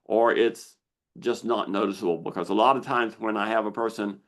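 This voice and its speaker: A man hosting a live online Q&A, explaining slowly and deliberately with pauses as he shares slides. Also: fairly low pitch, steady tone. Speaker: misophonia researcher hosting a Q&A.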